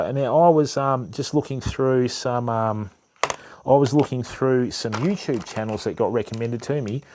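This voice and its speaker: A man's voice: medium pitch, a little mellow. An Australian man hosting a fishing channel, chatting casually with viewers, calling everyone mate and bud, with lots of ums. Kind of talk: casual live stream chat with viewers.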